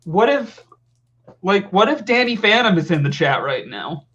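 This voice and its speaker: High-voiced man on a lo-fi stream. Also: very animated, normal speed, a bit bright. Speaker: co-host of a live stream. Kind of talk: casual live-stream chat.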